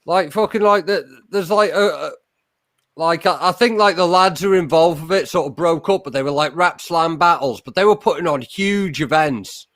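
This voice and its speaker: A man's voice: on the high side, moderate pace, fairly bright tone, no room sound, studio quality. A young man from England chatting casually, rambling with many fillers and frequent swearing. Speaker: battle rapper. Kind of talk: casual chat.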